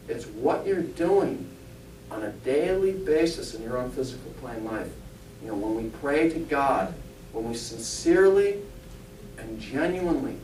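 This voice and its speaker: A man, a spiritualist pastor and medium, giving a conversational sermon, joking and asking the congregation rhetorical questions. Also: darkish tone. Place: church hall. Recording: echoey church, mic far off, faint rumble.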